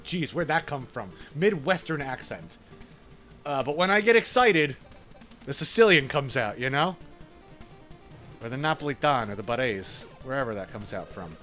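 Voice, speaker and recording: A man's voice: fairly high pitch, fairly bright tone. A man from New York with an Italian-American New York accent, chatting casually and laughing while streaming a game. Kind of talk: casual chat while gaming.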